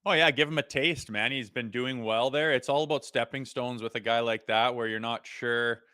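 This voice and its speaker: A man's voice: medium pitch, moderate pace, smooth, no room sound, clean studio sound. A Canadian man in his thirties, a former player co-hosting a casual hockey podcast, telling stories and acting out what people said. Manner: animated storytelling, acts out quotes. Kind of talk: casual sports podcast chat.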